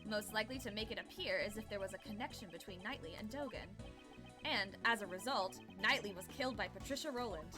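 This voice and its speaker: A woman reading the lines of a cool, composed male prosecutor in a game, with a measured, formal delivery. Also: medium pitch, music in the background, natural voice. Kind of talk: game dialogue read aloud.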